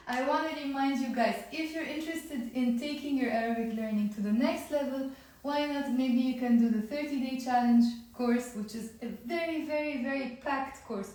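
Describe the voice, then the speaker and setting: A woman teaching an online language lesson, energetic, drilling words and coaxing viewers to repeat. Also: high-pitched, brisk. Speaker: Arabic teacher. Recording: very echoey room.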